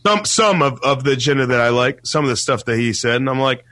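A man hosting a radio show, talking loudly and emphatically in casual, profane chat. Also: medium pitch, lively intonation, fast, no echo. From Toledo, Ohio area. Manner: loud, emphatic, swears constantly.

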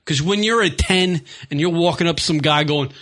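A man's voice: on the high side, a little fast, fairly bright tone. A man hosting a radio talk show, talking crude and profane, ranting and jumping off on tangents. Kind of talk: crude casual banter.

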